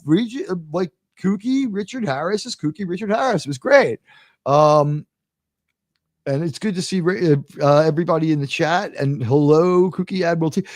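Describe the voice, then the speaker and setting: An American man hosting a live talk show, telling stories in a rambling, animated way with lots of fillers. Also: sits high, no echo, studio quality. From United States. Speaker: host.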